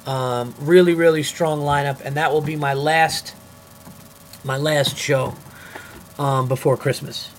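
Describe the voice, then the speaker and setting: A man's voice: fairly high pitch, steady tone, measured pace, a little hiss or hum. A young man hosting his own podcast, talking alone in a goofy, rambling way and swearing freely. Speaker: comedian podcast host. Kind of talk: casual solo podcast monologue.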